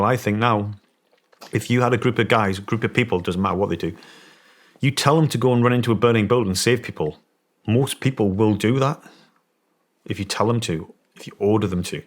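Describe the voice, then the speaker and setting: A man telling a story in casual conversation as a guest, rambling with many restarts and emphatic points. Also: on the low side. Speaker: guest, former special forces soldier.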